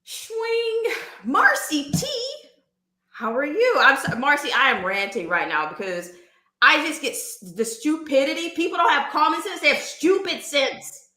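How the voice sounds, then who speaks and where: High-voiced woman ranting, roomy echo. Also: big pitch swings, measured pace, bright, forceful tone. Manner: emphatic, fires rhetorical questions. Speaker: livestream host. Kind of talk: casual livestream rant.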